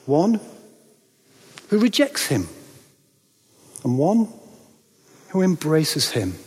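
Male preacher, high lively voice, slow deliberate sermon delivery, big reverberant church sound. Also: breathy edge. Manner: dramatic, rhetorical questions, pauses for effect. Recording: long reverb of a large hall.

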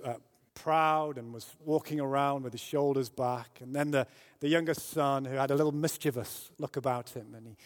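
British preacher in an echoing hall. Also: male voice, medium pitch. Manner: storytelling, rises to loud emphatic peaks. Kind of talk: sermon. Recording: long hall reverb.

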